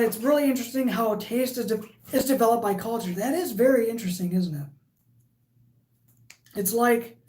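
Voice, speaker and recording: A woman's voice: medium pitch, darkish tone. Chatty woman hosting a livestream. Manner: chatty and rambling, with frequent fillers. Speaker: livestream host. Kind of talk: casual live chat, reading viewer comments aloud.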